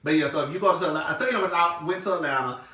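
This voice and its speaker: Chatty man reviewing reality TV, fairly high voice, swears freely, recorded off-mic in a roomy space. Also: rapid-fire, recorded from a distance. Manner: chatty, calls everyone girl, swears freely; swings between loud and quiet. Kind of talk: casual chat to camera. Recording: echoey room, voice off-mic.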